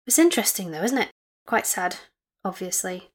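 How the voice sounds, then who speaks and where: A woman's voice: medium pitch, animated, moderate pace. Chatty woman podcast co-host. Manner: chatty, teasing, recommends and asks questions. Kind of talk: casual chat, retelling a case.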